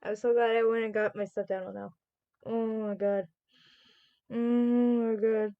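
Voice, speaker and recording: A woman's voice: fairly high pitch, flat delivery, a little slow, no echo, narrow, tinny audio. A woman streamer commentating a game, jumpy and nervous, reacting with giggles and worry. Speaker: gaming streamer. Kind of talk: let's-play commentary. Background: game music.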